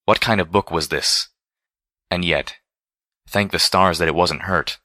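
Deep, forceful male storyteller. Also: measured pace, no room sound, clean studio sound. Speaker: audiobook reader. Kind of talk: first-person story narration.

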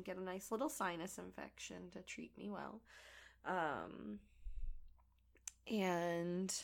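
A woman with a gravelly voice today, chatting casually and rambling as she crafts. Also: fairly low pitch, a bit bright. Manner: rambling and chatty, many fillers. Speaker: audio creator and crafting vlogger. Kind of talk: casual chat while crafting.

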